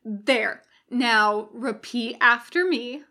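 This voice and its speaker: A woman's voice: a little high, very slow, pushed and bright, heavily acted. A woman reading a story aloud, voicing a cheerful, sly male demon with a breezy, chatty manner.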